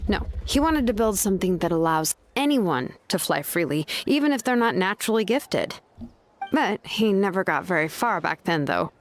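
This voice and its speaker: An actress voicing a friendly tribeswoman in a game who calmly explains things to the player. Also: medium pitch, moderate pace, a little hiss or hum, natural voice. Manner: easygoing and explanatory. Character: friendly helpful tribe woman.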